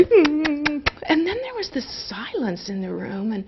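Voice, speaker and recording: A middle-aged woman telling a humorous personal anecdote in an animated way, often laughing. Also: high voice, slow pace, dull audio. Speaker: storyteller.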